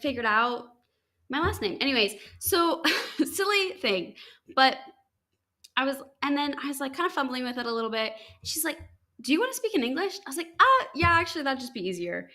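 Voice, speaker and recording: A young woman from the United States, a podcast host, casually telling a story with lots of "like" and "um" and bright, high-pitched quoted lines. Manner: chatty, animated quotes with high-pitched acted lines, frequent likes and ums.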